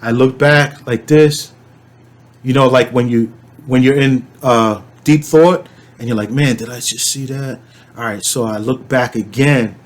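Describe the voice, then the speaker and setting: A man telling a dream to camera in a casual, rambling way, with many fillers and restarts. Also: medium pitch. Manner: animated storyteller, shouts when reenacting. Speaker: channel host.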